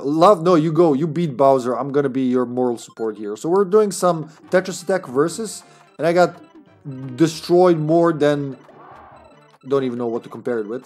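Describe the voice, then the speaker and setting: A man's voice: mid-range voice, darkish tone. Goofy joking male streamer. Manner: goofy, joking, laughs often. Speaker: streamer host. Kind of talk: casual game-stream chat.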